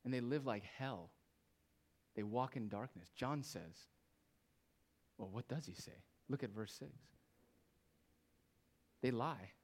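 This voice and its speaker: A male pastor preaching a sermon, moving between loud, emphatic phrases and quiet, hushed asides. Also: medium pitch, slow pace, long pauses.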